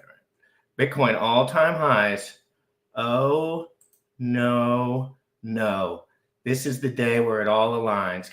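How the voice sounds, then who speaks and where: A man hosting a live crypto stream, talking frantically, overexcited, with shouts and repeated phrases. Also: on the low side, roomy sound. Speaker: crypto livestream host. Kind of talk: excitable live stream chat.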